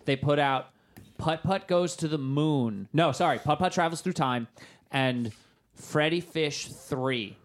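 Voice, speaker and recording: A man's voice: fairly high pitch, a little slow. Chatty man co-hosting a podcast. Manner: chatty, rambling with fillers. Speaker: podcast co-host. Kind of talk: casual chat.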